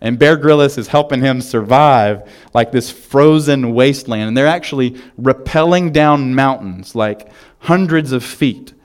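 A pastor preaching a sermon in a church, telling a story with lots of fillers before turning to prayer. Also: male voice, medium pitch, a little slow, clear, resonant tone. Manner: casual storytelling with fillers, animated retelling.

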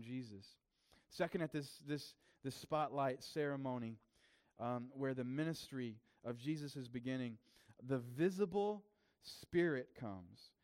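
A man's voice: mid-range voice, a little mellow. A man preaching a sermon as pastor, in a casual, conversational way with frequent fillers and restarts.

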